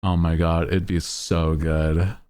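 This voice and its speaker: A man's voice: sits low, level tone, slow pace, darkish tone, clear, resonant tone. A man streaming, chatting casually and laughing often as he rambles.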